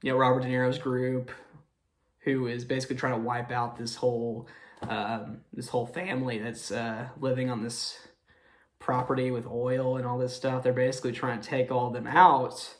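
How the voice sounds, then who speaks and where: A man's voice: mid-range voice, level tone, normal speed. Young man rambling through a movie review. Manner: rambling, many fillers and self-corrections. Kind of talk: casual movie review chat.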